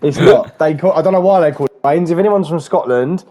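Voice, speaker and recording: A man's voice: on the high side, brisk, dark tone. A man co-hosting a podcast, joking crudely and swearing in casual chat. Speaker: podcast co-host.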